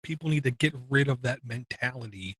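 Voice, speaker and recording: A man's voice: medium pitch, a little fast, husky, no echo. An older man co-hosting a casual tech podcast, talking in a blunt, opinionated and grumpy way. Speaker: podcast co-host.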